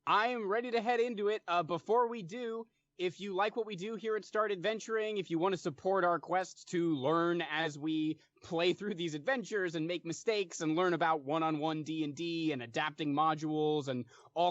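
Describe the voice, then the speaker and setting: High-voiced, halting man playing a tabletop game. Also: a bit bright, dry recording, highs cut off. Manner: halting, many fillers. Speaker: player. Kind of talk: tabletop role-play, casual.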